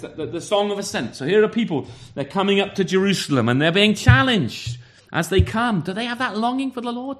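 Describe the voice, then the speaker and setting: Male preacher, slightly higher voice, earnest sermon delivery, rhetorical questions. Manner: earnest, repeats words, asks rhetorical questions.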